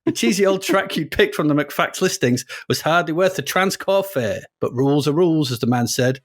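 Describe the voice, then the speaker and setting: Guy doing a put-on american accent, grizzled old racer bragging and sneering, kinda high voice. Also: lively intonation, moderate pace. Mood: swaggering. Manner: drawling, slangy, sneering. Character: boastful washed-up male race driver, gruff and cynical. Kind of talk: reading a story aloud in character.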